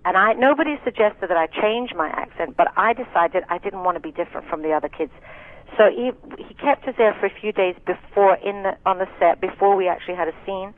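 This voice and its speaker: Speaking a little fast at medium pitch, this woman in her sixties from Scotland chats through a casual interview. She's a singer and actress, and her stories come out frank and packed with asides. It sounds like a dry, tinny phone recording.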